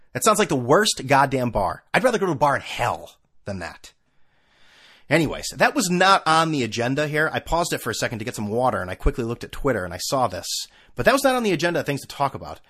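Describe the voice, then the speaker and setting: A man hosting his own podcast at home on a desk microphone, ranting casually with profanity and sarcasm, swinging between low mutters and loud outbursts. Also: big pitch swings, brisk, breathy edge. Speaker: podcast host. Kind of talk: casual solo podcast rant. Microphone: desk microphone with camera.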